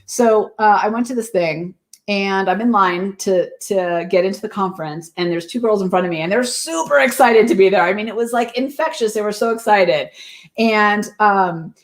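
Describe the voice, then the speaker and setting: A woman's voice: medium pitch, moderate pace. Upbeat chatty woman hosting a livestream. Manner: effusive and chatty, thanking viewers by name; lively, upbeat delivery with lots of "like" fillers. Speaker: host of a live innovation show. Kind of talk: live-streamed motivational talk to viewers.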